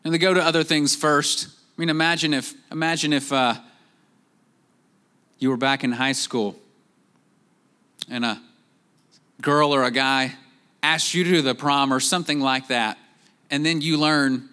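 A man preaching a sermon, jumping up in pitch to act out quoted voices and dropping to slow, quiet emphasis on key points. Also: clean tone. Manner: animated, acts out quoted voices with rising pitch. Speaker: pastor.

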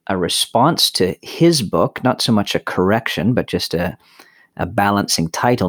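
A man co-hosting a religious podcast, responding thoughtfully in a halting, conversational way. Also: sits low, slightly rough. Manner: thoughtful, halting, restarts phrases. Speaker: podcast co-host.

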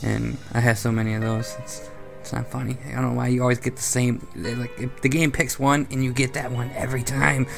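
Gravelly young man, rambling gamer chat. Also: medium pitch, flat delivery, fairly quick, hardly any pauses, over music. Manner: laughs often, rambling with fillers. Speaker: podcast co-host. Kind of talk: casual gaming podcast chat.

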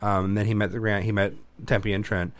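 A man's voice: lowish voice, flat delivery, brisk, dry recording. A young man co-hosting a casual chat, telling rambling, sweary stories. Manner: rambling storytelling, swears freely. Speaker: podcast co-host.

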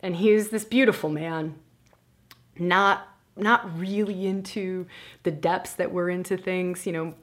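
A woman in a podcast conversation, telling a candid personal story in an animated, self-mocking way and swearing now and then. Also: lowish voice, a little slow.

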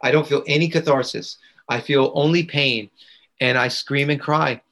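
A man's voice: medium pitch, fairly even intonation, normal speed, fairly bright tone, poor audio. A young man, a guest coach, retelling a painful personal experience in an intense, raw and vivid way. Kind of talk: emotional personal storytelling.

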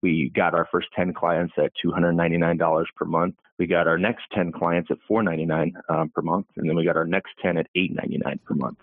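A man's voice: low-pitched, little pitch movement, fast talker, few pauses, no echo. A man as a podcast guest, speaking emphatically and rising when he makes a point, heard over a remote call. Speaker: guest agency owner. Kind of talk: podcast interview. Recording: tinny phone-like call line.

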